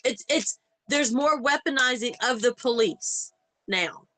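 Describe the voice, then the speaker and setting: A woman in casual chat on a podcast, telling animated stories and acting out the people in them. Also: on the high side, measured pace, no room sound, poor audio. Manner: animated, acts out quoted voices in anecdotes. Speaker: podcast co-host.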